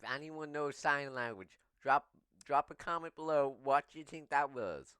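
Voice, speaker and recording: A man hosting a casual eating vlog, talking between bites in a slow, playful way and pushing viewers to subscribe. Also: a little high, a bit bright, clear, resonant tone, no room sound. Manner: talks while chewing, slow and playful, begs for subscribers. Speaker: mukbang vlogger.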